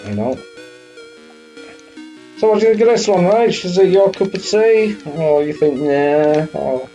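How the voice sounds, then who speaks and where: A man's voice: sits high, sing-song, moderate pace, warm tone, lo-fi sound. Guy hosting a game stream, easygoing chatter, swears a bit, faint music in the back. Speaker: streamer host. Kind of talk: casual live-stream chat.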